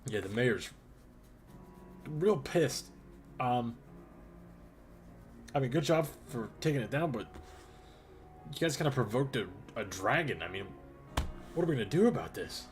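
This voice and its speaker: A man voicing Cal, a young male town guard who is loud, brash and swears freely. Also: mid-range voice, lively intonation, a little slow, long pauses, soft background music, close to an everyday voice. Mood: exasperated.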